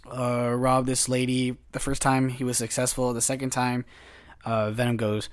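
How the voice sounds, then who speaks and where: A man's voice: mid-range voice, level tone. A man, a guest reviewer, casually retelling a film plot with many fillers and restarts. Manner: halting, full of uh and um fillers.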